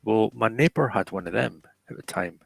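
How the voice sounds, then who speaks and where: A middle-aged man talks in a loose, rambling way, restarting his sentences often. His voice is low and gravelly. The sound is dry and close. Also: no room sound, low-quality recording. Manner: rambling, halting, many restarts. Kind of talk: casual chat.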